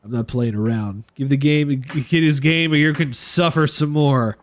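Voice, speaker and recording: A man voicing a stern, tough male brawler hero in a video game, speaking gruffly and firmly. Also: medium pitch, normal speed, natural voice. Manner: gruff, firm, threatening.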